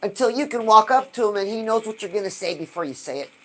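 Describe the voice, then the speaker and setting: A woman hosting a live stream, giving an animated motivational talk and asking her viewers rhetorical questions. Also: mid-range voice, quick pace, soft background music. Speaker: livestream host.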